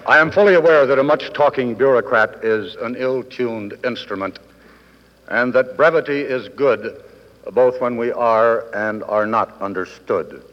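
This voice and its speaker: In a large hotel ballroom, a medium-pitched man in his fifties, a guest speaker, gives a formal after-dinner convention speech marked by dry wit and measured, deliberate pauses. The old 1960s broadcast recording sounds dull and carries a long hall reverb.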